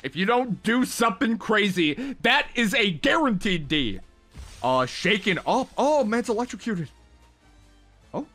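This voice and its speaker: A young man giving casual, excitable reaction commentary, ranking game emotes with lots of slang. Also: high-pitched, a little slow, soft background music. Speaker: gaming content creator.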